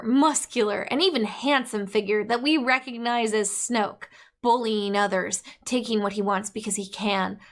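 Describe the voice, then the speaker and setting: A woman giving comedic commentary, reading passages aloud with dry, deadpan humor. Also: medium pitch. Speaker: video essayist.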